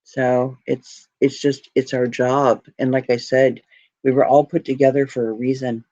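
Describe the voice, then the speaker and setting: A woman's voice: extremely low pitch, flat delivery, unhurried, mellow, no echo. A woman hosting a live stream, chatting to her viewers in a heartfelt, rambling and grateful way, close to tears. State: tearing up. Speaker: jewelry live stream host. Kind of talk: casual live stream chat. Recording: dry, muffled lo-fi audio.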